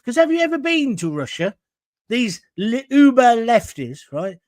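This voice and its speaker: A man's voice: extremely high pitch, very animated, unhurried, dry recording, clean studio sound. Blunt man hosting a talk show. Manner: blunt, combative, rambling rant. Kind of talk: live talk show, reading viewer comments. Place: studio in front of a green screen.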